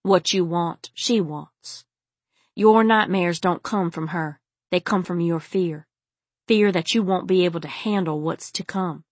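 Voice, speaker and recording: A woman voicing a calm, wise male guide. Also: fairly low pitch, no echo. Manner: firm, soothing. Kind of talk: audiobook character reading.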